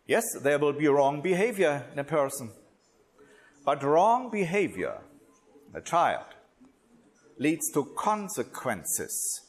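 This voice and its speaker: Male workshop speaker, slightly high, very expressive rise and fall, unhurried and deliberate, non-native English. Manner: slow, deliberate, with many pauses and restarts. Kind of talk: religious workshop talk.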